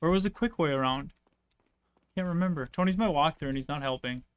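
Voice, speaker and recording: A slightly high-pitched male host on a live game stream. His voice is smooth and resonant, and he rambles along in a relaxed, joking way. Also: fairly quick. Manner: laid-back, rambling, joking. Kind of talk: casual stream chat.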